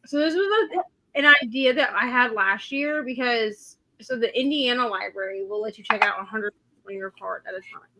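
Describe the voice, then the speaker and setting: Bright-voiced woman telling rambling anecdotes. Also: fairly high pitch, moderate pace, slight background noise, rough recording. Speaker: co-host. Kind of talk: casual livestream chat.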